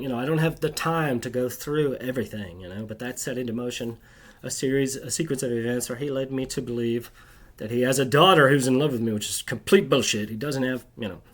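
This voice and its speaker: Husky guy ranting on his vlog, bitter and rambly, says right after everything. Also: medium pitch. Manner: rambling, keeps tagging sentences with "right?"; agitated, bitter storytelling. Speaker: video creator. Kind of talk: rambling personal monologue.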